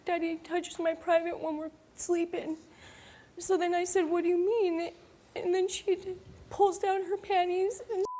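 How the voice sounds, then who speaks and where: A woman's voice: very high voice, a little mellow. A woman on a talk show, a mother earnestly retelling what happened, step by step, quoting each exchange. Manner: earnest, retells dialogue in detail. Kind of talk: emotional personal account.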